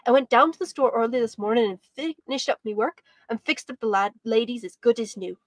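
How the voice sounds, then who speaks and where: A beaming, eager boy, as a woman reads him aloud, chatters on in a homely dialect. The voice sits fairly high. The sound is close and dry. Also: a little fast, no room sound, lightly acted. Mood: chatty. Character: poor cheerful Irish boy, eager and proud.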